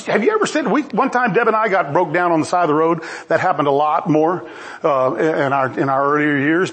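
A middle-aged male pastor preaching with a high, very lively voice. He swings up and down in pitch as he exclaims and acts out the voices he quotes. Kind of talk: sermon.

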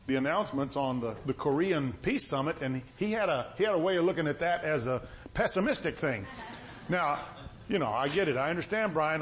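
Folksy preacher with a high voice. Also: male voice. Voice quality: sounds stern even when not angry. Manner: conversational, folksy preaching with repetitions. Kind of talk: sermon.

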